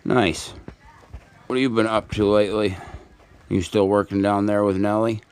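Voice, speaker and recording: A man with a very deep, gravelly voice chats casually on a live stream, answering viewers. He turns now and then to talk fondly to his cat. A faint hiss of noise sits behind him. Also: flat delivery, normal speed. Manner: talks fondly to his cat between chat. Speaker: livestreamer.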